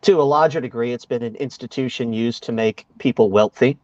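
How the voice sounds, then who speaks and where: A man's voice: mid-range voice, brisk, a little mellow, no room sound, muffled recording. A man on a panel who talks bluntly and sarcastically, swearing often. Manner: blunt, sarcastic, swears a lot, says mate. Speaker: panel guest. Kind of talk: casual argumentative chat.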